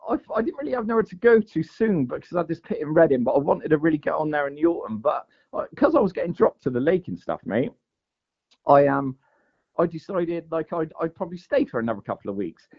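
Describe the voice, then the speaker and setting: A man's voice: a little high, big pitch swings, fast talker, gravelly. A man telling a long fishing story in a casual, rambling way, full of "mate" and "like". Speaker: guest angler. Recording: dull lo-fi audio.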